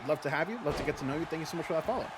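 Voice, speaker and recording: A man streaming a wrestling game, chatting playfully with his viewers and reacting between matches. His voice sits a touch higher than most men's. A steady hiss of background noise runs under the desk-mic recording. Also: racing, a loud crowd. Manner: chatty and playful, talks straight to chat viewers. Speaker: streamer hosting a fantasy wrestling league. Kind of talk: casual livestream commentary.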